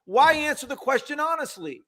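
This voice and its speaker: Very high-voiced, bright older man ranting. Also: moderate pace. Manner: animated ranting, mocking. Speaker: sports talk co-host. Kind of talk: casual sports banter.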